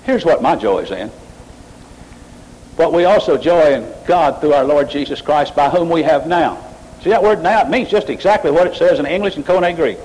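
A man preaching a sermon, rising sharply in pitch and volume as he drives his points home. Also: expressive, normal speed, darkish tone, low-quality recording. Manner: mocking emotional worshippers in a high voice. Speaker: pastor.

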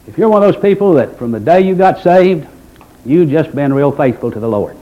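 A man preaching a sermon with folksy drama. His mellow voice rises and falls in wide swings, and he drops into quiet, mocking asides. The recording sounds dull and lo-fi. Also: fairly high pitch, animated, a little fast. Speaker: pastor.

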